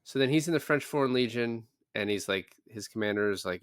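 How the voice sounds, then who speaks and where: A man's voice: mid-range voice, a little fast, few pauses, smooth, dry recording, studio quality. A man co-hosting a podcast, chatting casually about a movie in a rambling, joking way and acting out characters' lines. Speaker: podcast co-host. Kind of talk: casual movie review chat.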